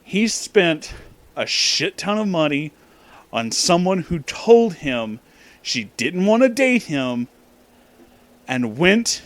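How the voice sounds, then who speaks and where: A man telling a story in a casual, profane rant, breaking into loud disbelieving outbursts. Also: on the high side, big pitch swings, slow pace, pauses often, no room sound. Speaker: storytelling vlogger.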